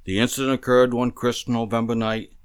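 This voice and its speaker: A man reading aloud a memoir about his own family, telling it in a measured, plain storytelling manner. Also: medium pitch, flat delivery, smooth.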